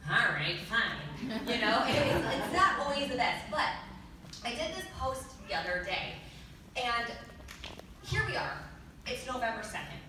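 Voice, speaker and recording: A woman's voice: fairly high pitch, very echoey, recorded from a distance, rough recording. A woman fitness trainer giving a candid, chatty motivational talk on stage to a crowd of coaches. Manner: chatty, candid, acts out quotes, laughs often. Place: large event hall with live crowd.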